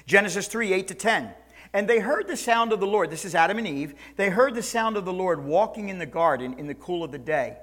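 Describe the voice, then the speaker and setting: A male pastor preaching a sermon, swinging between loud, high passages and soft, low ones. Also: animated, fairly quick.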